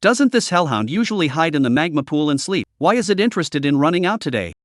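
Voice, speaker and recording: A man voicing a calm, observant young male priest hero in a recap story, sounding wary and analytical. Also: fairly high pitch, fast talker, no room sound, clean studio sound.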